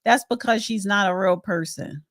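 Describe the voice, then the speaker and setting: A woman's voice: mid-range voice, moderate pace, fairly bright tone, no room sound, studio quality. A woman co-hosting a talk show, emphatic and scolding, often cutting in. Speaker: co-host. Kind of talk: casual chat.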